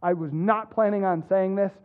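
Middle-aged man, pastor giving a sermon; earnest, halting delivery, higher pitch, narrow tinny audio. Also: fairly even intonation, clean tone. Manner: earnest, halting with repeated restarts. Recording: tinny phone-like sound.

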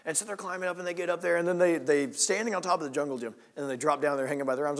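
Conversational preacher man with a fairly high voice. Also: very fast, hardly any pauses. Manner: conversational storytelling, swinging from hushed to emphatic. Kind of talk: sermon.

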